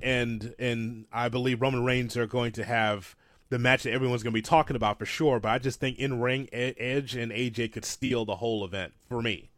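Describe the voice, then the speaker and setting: A man co-hosting a casual wrestling talk show, rambling and self-deprecating, with animated asides. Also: medium pitch, no echo, clean studio sound. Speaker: podcast co-host.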